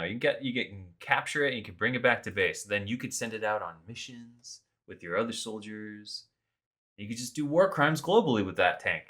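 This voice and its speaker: A man co-hosting a podcast, recapping a video game in animated, sarcastic casual chat. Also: medium pitch. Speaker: podcast co-host.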